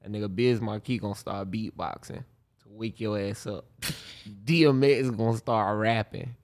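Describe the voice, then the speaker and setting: A man's voice: on the low side, steady tone, moderate pace. A man in his thirties co-hosting a podcast, teasing his partner and laughing often in casual slang. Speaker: podcast co-host. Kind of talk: casual chat.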